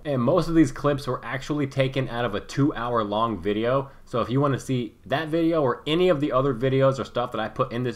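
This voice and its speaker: A man giving sarcastic commentary over news clips in a vlog. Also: medium pitch. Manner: sarcastic, mocking. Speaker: political commentary vlogger.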